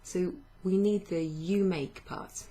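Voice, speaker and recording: A woman's voice: fairly low pitch, steady tone, takes it slowly, warm tone. A woman teaching a French lesson, explaining patiently with fillers and self-corrections. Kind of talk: online language lesson.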